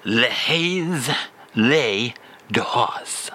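Comic French gent , a man faking the accent: low, drawn-out, grandly theatrical phrases. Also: animated, bright, forceful tone, full character voice. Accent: put-on French. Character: pompous Frenchman reciting phrases, adult male.

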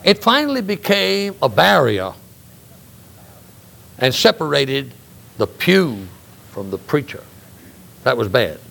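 An older man preaching a sermon in a church, emphatic, swinging between raised exclamations and quiet asides. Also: fairly high pitch, gravelly.

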